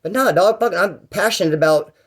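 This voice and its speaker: A man's voice: high voice, a little fast, slightly rough. A man from Bakersfield, California, telling rambling, profane prison stories in a casual vlog and acting out the dialogue. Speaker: storyteller recounting prison life.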